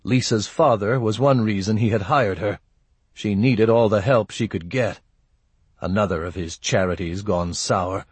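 A man narrating a story in a measured, steady way. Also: fairly low pitch, husky, dry recording. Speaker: audiobook narrator. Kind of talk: scripted narration.

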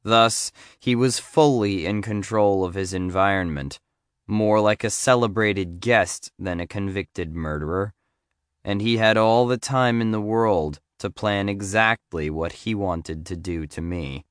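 Low, smooth male audiobook narrator. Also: no room sound, clean studio sound. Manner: measured, storytelling delivery. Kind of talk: first-person memoir narration.

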